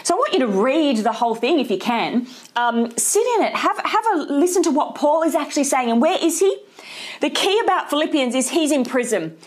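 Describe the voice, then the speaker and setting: A middle-aged woman, preaching a lively, conversational sermon full of rhetorical questions. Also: high voice, brisk. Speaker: pastor.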